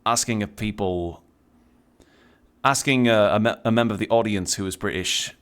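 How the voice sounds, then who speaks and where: A man's voice: on the low side, moderate pace. A young man streaming a video game, chatting casually and rambling, swearing often as he plays. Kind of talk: casual let's-play commentary.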